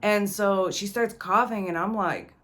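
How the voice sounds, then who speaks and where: A woman's voice: medium pitch, measured pace, a bit bright. A young woman vlogger telling a personal story in a casual, slangy way, cursing freely and addressing the viewer directly. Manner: slangy, profane, talks straight to the viewer.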